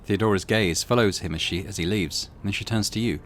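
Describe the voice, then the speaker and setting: A man's voice: lowish voice, fast, few pauses, slight background noise. A man hosting a game let's play, reading the text aloud with wry, chatty asides.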